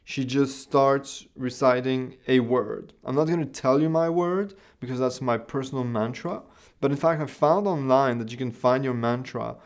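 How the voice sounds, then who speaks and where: Man, thirties, smooth clear voice, casual rambling vlog storytelling. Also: medium pitch, normal speed. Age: 30s. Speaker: video creator. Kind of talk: personal experience vlog.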